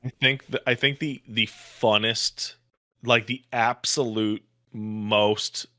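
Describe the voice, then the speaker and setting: A man's voice: fairly low pitch, fairly even intonation, slow, bright, forceful tone. A man in his late thirties co-hosting a podcast in casual banter, emphatic and swearing. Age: 30s. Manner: emphatic, swears, trails off mid-thought. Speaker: podcast co-host.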